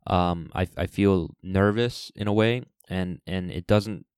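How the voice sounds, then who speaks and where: Low, smooth-voiced man musing on a solo podcast. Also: darkish tone, no echo, studio quality. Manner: halting, with many restarts and fillers; reflective and earnest. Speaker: podcast host. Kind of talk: unscripted solo podcast monologue.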